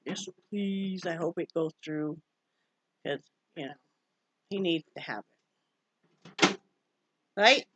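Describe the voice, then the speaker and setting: A woman's voice: fairly low pitch, takes it slowly, long pauses, fairly bright tone, slightly rough, no echo. A woman from Wyoming chatting casually in a home vlog, rambling and short on sleep, who often slips into fond baby talk with her dog. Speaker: vlogger. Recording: dull lo-fi home recording.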